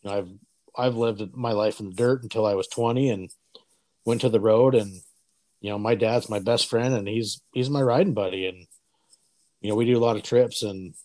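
A man's voice: lowish voice, normal speed, mellow, dry recording. A man in his forties hosting a casual chat, telling stories in a loose, profane way and acting out the voices of people he quotes. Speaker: podcast host.

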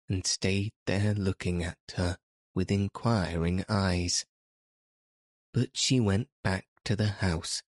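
A man narrating a classic children's novel in a measured, gentle reading. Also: low voice, no room sound, clean studio sound. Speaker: audiobook narrator. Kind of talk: scripted narration.

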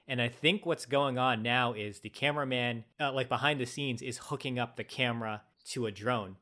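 A man's voice: medium pitch, normal speed, sharp tone. Analytical man explaining film craft. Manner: explanatory, analytical about filmmaking. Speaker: podcast co-host. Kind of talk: casual movie review chat.

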